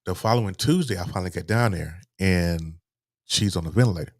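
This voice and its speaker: A man, a guest telling a painful personal story in a halting way, repeating words, his voice sinking low and soft. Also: no echo, studio quality. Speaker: interview guest.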